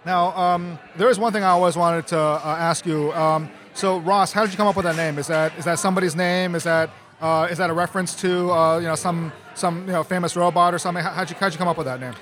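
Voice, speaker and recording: A man's voice: on the high side, fairly even intonation, quick pace, few pauses, fairly bright tone. A man, a legal journalist, asking rambling interview questions with many fillers.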